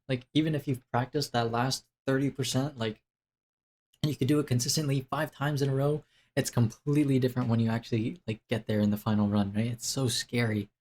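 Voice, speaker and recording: Talking to the camera about what's new in his life, a young man rambles, interrupting himself with lots of fillers and restarts. He has a medium-pitched, slightly mellow voice.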